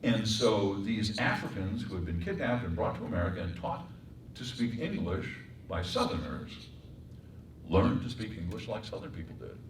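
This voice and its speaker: A man teaching voice acting in a workshop lecture, breaking into accent and pitch demonstrations. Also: animated, normal speed, slight background noise. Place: performing arts center room. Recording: echoey room, mic far off.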